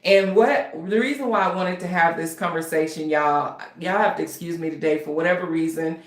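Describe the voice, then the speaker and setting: A woman's voice: lowish voice, fairly quick, roomy sound. A woman hosting her author channel, chatting casually and a bit nervously to viewers. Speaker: author and writing coach, channel host. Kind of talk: casual livestream talk to viewers.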